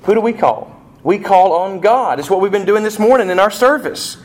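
A man preaching a sermon as pastor, animated, with rising emphasis and rhetorical questions. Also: sits high, moderate pace.

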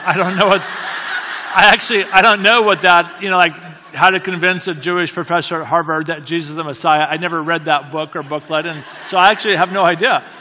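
A man telling a story in a halting, self-deprecating way, with many restarts. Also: a little high, fairly even intonation, pushed and bright, in a large hall. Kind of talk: anecdotal storytelling talk.

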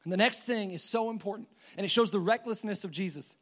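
A man's voice: sits high, quick pace. A man preaching a sermon in a casual, conversational storytelling manner.

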